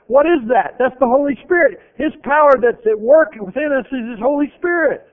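High-voiced preacher on tinny radio. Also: male voice, expressive, fairly quick, hardly any pauses. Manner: earnest, emphatic, repeats phrases. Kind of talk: sermon. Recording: tinny phone-like radio broadcast.

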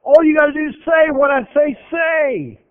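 A man voicing God as calm and matter-of-fact, speaking softly to reassure Moses. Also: extremely high pitch, normal speed, voice pushed up. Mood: reassuring. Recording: tinny phone-like radio broadcast.

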